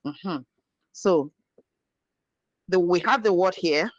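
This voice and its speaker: A language teacher from Nigeria patiently spells out and repeats words for the class. The voice sits at a middling pitch and sounds dry and close, as if captured through a video-call mic. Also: takes it slowly, dry recording, muffled recording. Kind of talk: online language lesson.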